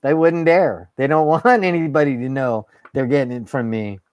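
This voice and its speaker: A man's voice: medium pitch, steady tone, normal speed, darkish tone, clear, resonant tone, dry recording. A man hosting his own show, ranting in a fired-up, sarcastic way and swearing. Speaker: host. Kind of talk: ranting monologue.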